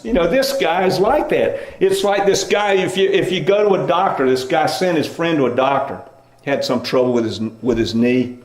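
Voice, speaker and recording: A middle-aged man preaching a sermon as pastor, in a relaxed conversational storytelling manner. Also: a little high, moderate pace. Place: church sanctuary. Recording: echoey church room.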